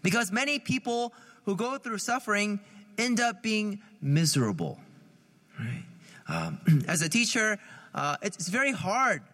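Priest, male, bright high voice, chatty sermon with questions to the congregation. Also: expressive, unhurried, big-room sound. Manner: conversational, asks questions, laughs at own jokes.

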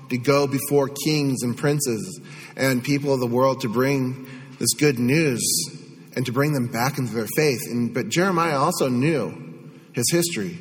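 A man preaches a homily to his congregation, speaking in a conversational, earnest manner and circling back to repeat phrases as he goes. His voice sits in a middle register for a man. The church around him adds a long, lingering reverb. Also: medium pitch. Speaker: Catholic priest. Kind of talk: sermon.

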